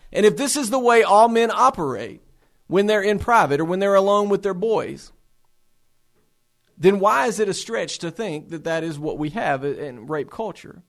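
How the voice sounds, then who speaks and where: A man's voice: high voice, lively intonation, normal speed, gravelly. A man speaking earnestly to fellow believers for a faith-based resource center. He talks with passion, asks rhetorical questions and often repeats words as he starts a phrase.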